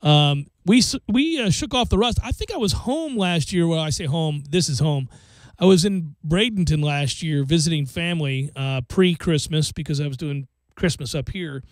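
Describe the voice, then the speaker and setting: A middle-aged man with a notably high voice, hosting a sports talk radio show. He tells stories in an animated, ranting way, and his studio mic sounds close and dry. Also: normal speed, no echo. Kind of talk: casual sports radio chat. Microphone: studio microphone.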